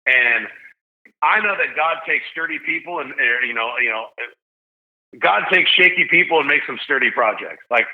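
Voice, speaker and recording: Man, 40s, from Tennessee, podcast guest, animated slangy storytelling, acts out quoted voices, tinny phone-like sound. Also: on the high side, moderate pace. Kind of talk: casual storytelling.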